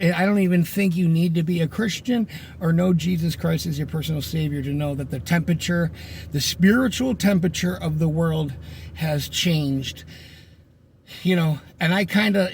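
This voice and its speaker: Man, middle-aged, rambling casual storytelling, joking, higher-pitched voice, faint background noise. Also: moderate pace, creaky. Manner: rambling, joking, acts out voices in his stories. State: sunburned. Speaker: vlogger telling a personal story.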